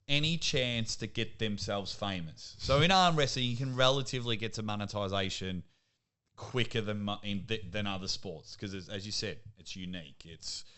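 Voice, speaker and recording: Aussie guy on a podcast, bright clear voice, fairly low, loves a yarn. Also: moderate pace. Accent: Australian. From Australia. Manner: lively storyteller, laughs at himself. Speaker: podcast guest, sports commentator. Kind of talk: casual interview chat.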